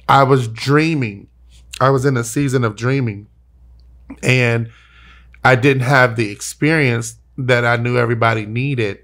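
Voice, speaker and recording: Earnest young male podcast host, heartfelt, self-interrupting, mid-pitched. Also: fairly bright tone. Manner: earnest, repeats himself when moved. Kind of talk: emotional personal conversation.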